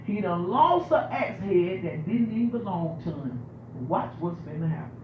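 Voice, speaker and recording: A man preaching a sermon, emphatic and repetitive, swinging from loud to hushed. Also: high voice, lively intonation, moderate pace, background noise. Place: church sanctuary. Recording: roomy, dull sound with faint ambience.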